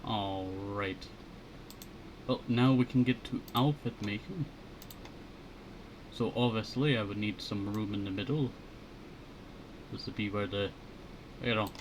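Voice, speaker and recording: A man chatting casually while drawing on a headset mic, thinking aloud in a low-key mutter. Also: slow pace, pauses often, background noise. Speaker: streamer.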